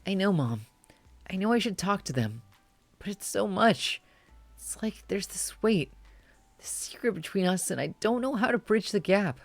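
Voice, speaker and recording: A streamer plays a tearful young adult confiding in their mother over the phone, the voice soft, shaky, and pleading with a vulnerable mood. The voice is mid-range, gravelly, pushed up, and animated at a moderate pace, with no room sound.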